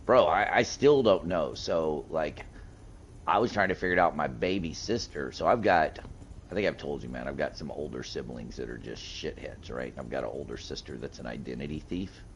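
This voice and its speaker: A man streaming a game, telling a long story in casual, profane chat with lively retold quotes. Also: a bass voice, normal speed, slight background noise. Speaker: gaming streamer. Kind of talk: casual chat while gaming.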